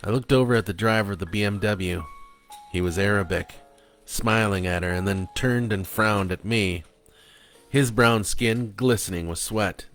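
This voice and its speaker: A man reading his own dark prose and poetry aloud in a blunt, confessional manner. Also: lowish voice, moderate pace, soft background music.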